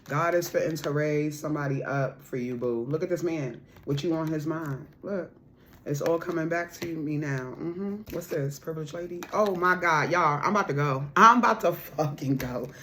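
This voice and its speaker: A woman's voice: sits low, normal speed. Woman, spiritual reader, casual, emphatic, repeats herself, slangy endearments, faint hiss behind. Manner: bursts into loud laughter and raised voice when excited. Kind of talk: casual intuitive reading to viewers.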